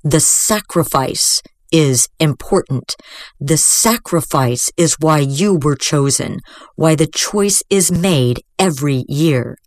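A woman voicing a stern, shaken old master priest who speaks slowly and harshly. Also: low voice, animated, no echo. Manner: slow, harsh and grave.

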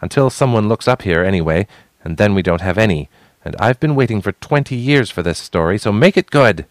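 A man's voice: on the low side, sing-song, normal speed, no room sound, voice pushed up. A man voicing a fierce, angry young half-dragon woman who speaks harshly.

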